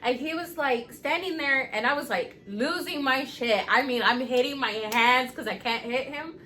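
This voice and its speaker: A woman in her thirties, a podcast co-host, telling a profane, animated story in casual chat. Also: sits high, moderate pace, a little hiss or hum.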